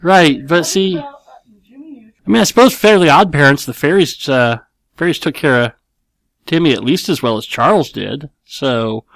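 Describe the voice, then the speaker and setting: A man's voice: fairly high pitch, moderate pace, gravelly, fairly bright tone, dry recording. A middle-aged man hosting a casual home podcast, answering listener questions in a rambling, playful way and often correcting himself mid-sentence. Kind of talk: casual chat. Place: at home with his kids nearby.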